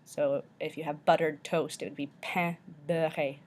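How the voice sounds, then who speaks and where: A woman teacher slowly walking through a pronunciation lesson, repeating each word carefully. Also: low voice, flat delivery, darkish tone.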